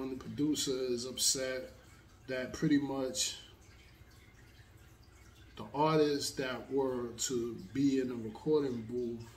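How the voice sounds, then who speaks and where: A man's voice: mid-range voice, reverberant, far from the mic, a little hiss or hum. A man telling a long story in a casual, rambling way, with many fillers. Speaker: host.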